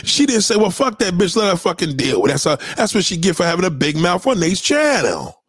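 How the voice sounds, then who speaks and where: A man's voice: high voice, very animated, fairly quick, fairly bright tone, slightly rough, dry recording, studio quality. A man hosting a casual livestream, reading viewer comments and ranting bluntly with lots of profanity. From New York. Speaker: livestream host.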